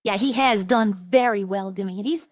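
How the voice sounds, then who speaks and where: A woman's voice: mid-range voice, moderate pace, dry recording. A woman chatting casually on a roleplay stream, rambling through funny stories and imitating the people she quotes.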